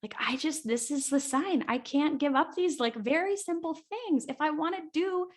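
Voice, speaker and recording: A woman guest on a casual podcast with a somewhat high voice, telling stories in a rambling way full of fillers. She jumps into animated quotes of herself and what others said to her. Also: moderate pace.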